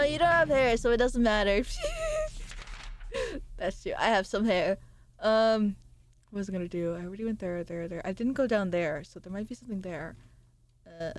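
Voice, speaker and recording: In a low-quality recording, a young adult woman with a mid-range voice streams a game. Her chatter is casual, animated and jokey, rambling from one idea to another.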